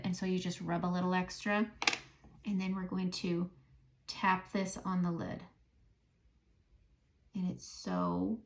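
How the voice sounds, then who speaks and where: A woman's voice: mid-range voice, creaky, slight background noise. A woman with a Southern American accent, chatting casually and thinking aloud as she does her makeup for a beauty vlog. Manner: chatty, thinking aloud, self-talk while applying makeup. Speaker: beauty vlogger. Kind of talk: casual makeup tutorial chat.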